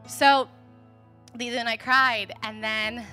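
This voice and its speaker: Bright high-voiced woman preaching. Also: steady tone, slow pace, soft background music. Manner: earnest, candid, laughs often. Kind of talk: storytelling sermon.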